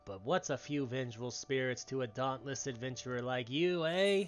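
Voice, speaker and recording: A man's voice: medium pitch, normal speed, smooth, soft background music, close to an everyday voice. A man voicing a male villager quest-giver from a fantasy game, reading the lines with old-fashioned speech. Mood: storytelling. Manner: reads game dialogue aloud with old-fashioned turns of speech. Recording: slightly dull lo-fi stream audio.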